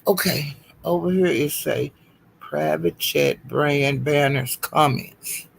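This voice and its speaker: A woman's voice: low-pitched, slow, gravelly, a little hiss or hum. A woman hosting a live stream who is frantic and flustered, swearing, laughing and calling out to viewers for help. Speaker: livestream host.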